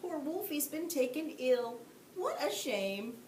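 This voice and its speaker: An unflappable male moose drawls his lines slowly, with a light, lifted, gently mocking tone. He is a carefree storybook character, voiced by a woman narrator. The recording is echoey, from a mic a little way off. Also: a little high, pitched above the performer's own voice. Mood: teasing. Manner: calm, drawling, gently teasing. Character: easygoing, smelly male moose. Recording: echoey room, distant mic, faint hiss.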